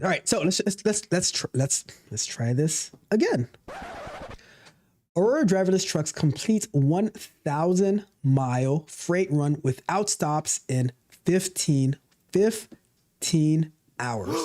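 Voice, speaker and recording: A man's voice: a little high, lively intonation, slow pace, mellow. A man hosting a tech livestream, reading a news article aloud in a casual way, repeating himself and grumbling at the web page. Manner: talks to himself, grumbles at the website, repeats words. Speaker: livestream host. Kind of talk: casual live commentary while reading an article.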